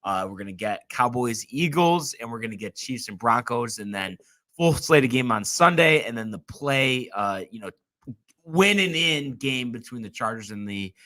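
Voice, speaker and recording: A man hosting a casual sports podcast, talking in halting, restarting phrases as he steers the show from one segment to the next. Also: mid-range voice, lively intonation, sharp tone. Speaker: host.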